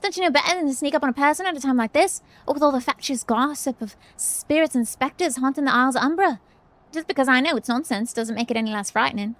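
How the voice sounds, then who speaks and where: A woman's voice: sits high, fast, a bit bright, dry recording, pitched above the performer's own voice. A woman voicing a rambling, self-important young woman scholar in a video game, prim and long-winded. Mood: startled.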